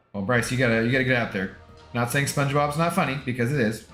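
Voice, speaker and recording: A man's voice: medium pitch, fast talker, a bit bright. An American man streaming a game, casually chatting with his audience, laughing often and rambling with self-deprecating asides. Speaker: gaming livestreamer. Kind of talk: casual chat with stream chat while gaming. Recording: echoey room with faint music.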